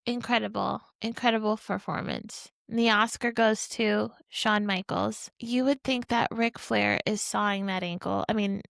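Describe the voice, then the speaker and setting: A woman podcast host giving casual, excitable commentary while watching wrestling matches, often breaking into exclamations. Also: on the high side, vocal fry, no room sound.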